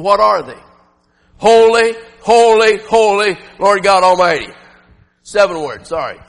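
Man, preaching, high voice, emphatic shouting, laughing often, church hall reverb. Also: vocal fry. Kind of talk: sermon.

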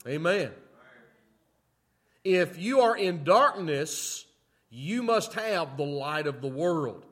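High-voiced man preaching folksy. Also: animated, takes it slowly. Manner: folksy, repeats "okay?" to check in with listeners; punchy rise and fall between loud emphatic lines and quiet asides. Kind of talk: sermon teaching.

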